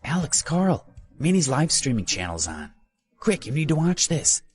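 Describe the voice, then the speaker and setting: A man's voice: on the low side, very animated, moderate pace, a little mellow, soft background music. A man voicing a lovestruck, hot-headed male college student who talks in eager blurts. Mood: excited.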